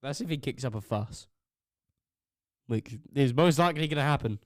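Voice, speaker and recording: A man's voice: medium pitch, moderate pace, no room sound, studio quality. A young man, co-hosting a podcast, telling rambling, sweary work stories and acting out what others said. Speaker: podcast co-host. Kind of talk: casual chat.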